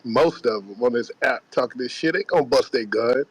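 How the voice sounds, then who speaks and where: A man's voice: mid-range voice, fairly quick, husky, no echo, poor audio. A man calling into a live talk room, chatting in a laid-back, slangy way and laughing easily. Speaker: caller. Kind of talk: casual chat.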